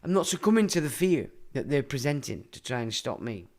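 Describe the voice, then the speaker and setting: A middle-aged man delivers a rambling livestream monologue. His talk is blunt and full of swearing, and his pitch swings widely as he rants. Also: sing-song, brisk, darkish tone. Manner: blunt, profane, ranting. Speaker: livestream host.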